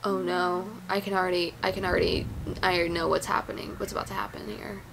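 A woman giving casual, excitable reaction commentary on a movie, gasping and chatting with plenty of fillers. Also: on the low side, fast, gravelly, background noise.

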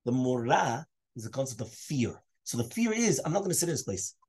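Male rabbi teaching a daily Talmud class, rapid delivery, mid pitch, peppers his English with Hebrew and Aramaic terms and quizzes his students. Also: sing-song, a little mellow, breathy edge. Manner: asks students questions. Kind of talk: Daf Yomi Talmud class.

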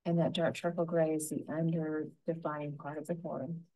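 A woman giving a gentle, unhurried painting tutorial, talking through each brushstroke as she works. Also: low voice, flat delivery, low-quality recording. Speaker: painting instructor.

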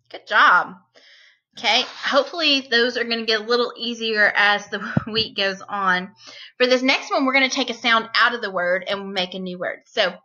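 A woman teacher leading a phonics lesson for young children, sounding out words slowly and clearly and praising each answer. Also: on the high side, pushed and bright. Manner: slow, clearly segmented sounds, encouraging. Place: home, distance learning.

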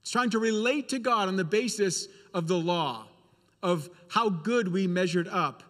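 A man's voice: sits high, moderate pace, fairly bright tone, in a large hall. A male preacher giving a sermon in a church, speaking earnestly and repeating phrases for emphasis.

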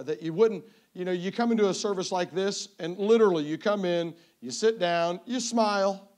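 A man from Tennessee with a Southern accent, a visiting evangelist opening a sermon in a church in a folksy, joking way, often stumbling and restarting. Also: high-pitched. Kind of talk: sermon introduction. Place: church sanctuary.

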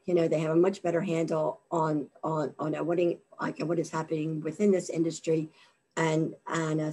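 Husky low-voiced woman presenting a webinar. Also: mellow. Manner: halting, many fillers and repeated words. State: losing her voice from allergies. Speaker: government contracting presenter.

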